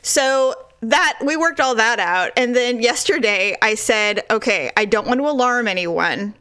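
A woman with a fairly high-pitched voice tells a story in casual chat. She acts out the people in it and laughs often. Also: a little slow. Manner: animated storytelling, mimics her husband, laughs often.

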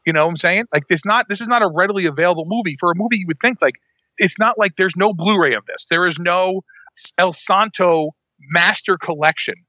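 A man with a bright, somewhat high voice co-hosts a casual podcast chat. He rambles in an animated way, often cutting himself off to restart. The sound is dry and a little dull, like a lo-fi recording. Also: fairly quick, no echo. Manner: rambling, animated, self-interrupting. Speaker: podcast co-host.

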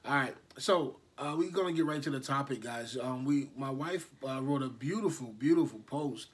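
A man in his thirties hosting a casual podcast, talking in a relaxed, halting and slangy way. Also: mid-range voice, breathy edge. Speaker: podcast host. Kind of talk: casual chat. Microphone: no proper microphone set up.

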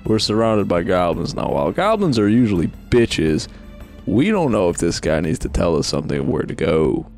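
Wry male player, a bit low, joking banter at the table. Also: very animated, moderate pace, darkish tone, faint music behind. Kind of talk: casual tabletop play.

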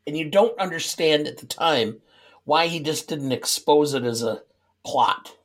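A man's voice: on the high side, unhurried. A middle-aged man co-hosting a casual movie podcast, easygoing and opinionated, reading summaries steadily. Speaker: podcast co-host.

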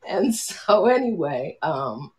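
A woman's voice: medium pitch, a little mellow. A middle-aged woman chatting casually as a podcast co-host, rambling and hesitant with many restarts and fillers. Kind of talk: casual chat.

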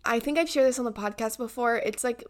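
Brief: young woman from the US, podcast co-host, giggly and rambling, voice sits a bit high. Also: quick pace. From United States. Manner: giggly, rambling with many fillers. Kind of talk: casual chat.

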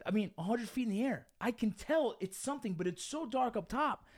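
Fast-talking profane young man. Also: very high voice, no echo, clean studio sound. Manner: profane, animated, says dude and bro. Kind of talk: casual storytelling chat.

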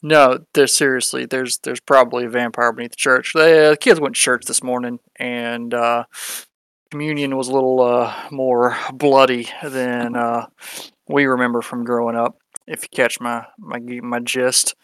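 A man with a gravelly but smooth voice plays a character in a tabletop role-playing game. He rambles through his lines with many fillers. The sound is dry and close. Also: mid-range voice, flat delivery, normal speed, a bit bright, no room sound. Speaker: player. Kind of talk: casual tabletop play.

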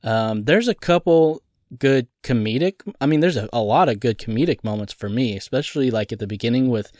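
A man co-hosting a podcast who chats casually about a movie, animated and laughing often in disbelief. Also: mid-range voice, a little fast, no echo, clean studio sound. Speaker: podcast co-host. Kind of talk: casual movie review chat.

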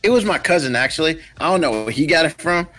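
A man co-hosting a relaxed podcast in a fairly high, bright voice. He jokes in a laid-back, slangy way, with music faint behind him. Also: fast. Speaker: podcast co-host. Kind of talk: casual chat.

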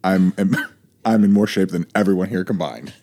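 A man's voice: sits low, normal speed, noisy background. A man joining a podcast as a guest, making dry jokes and laughing in casual banter.

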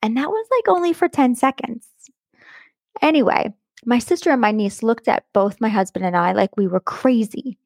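Middle-aged woman, podcast host, warm and effusive, slight vocal fry, dry close mic. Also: a little high, normal speed, no echo. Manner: enthusiastic and affectionate, stretching words for emphasis. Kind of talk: warm motivational podcast monologue.

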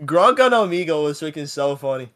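This young man bounces all over his pitch as he chats, and he keeps breaking into laughter. His voice sits a little high for a guy. He talks loosely and excitedly, like a casual co-host among friends. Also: fairly quick, a loud crowd. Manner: laughs constantly, excitable, swears lightly. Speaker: podcast co-host. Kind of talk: casual chat.

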